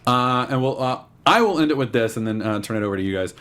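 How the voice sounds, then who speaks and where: A young man co-hosting a podcast in casual chat, joking and acting out quotes in high voices. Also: fast talker, smooth. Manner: animated, jokey, acts out quotes in high voices. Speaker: podcast co-host.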